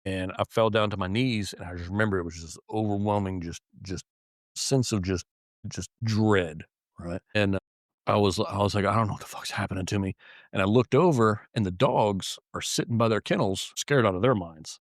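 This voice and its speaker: Male officer, interview guest: low voice, dry and close, profane, halting restarts. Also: dry recording. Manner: heavy swearing, frequent restarts and repeated words. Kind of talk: casual interview storytelling.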